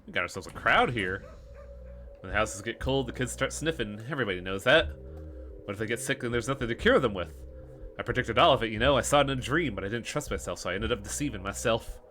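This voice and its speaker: A man's voice: medium pitch, expressive, fast, fairly bright tone, faint music behind, lightly acted. A man voicing a superstitious townsperson in a game, rambling in a folksy, grumbling way.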